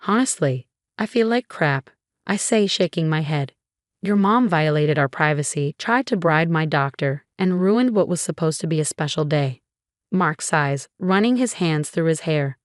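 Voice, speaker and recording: A woman tells a dramatic first-person story in a plain storytelling manner. Her voice sits a little low. The sound is dry and close. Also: lively intonation, moderate pace, no echo. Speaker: narrator.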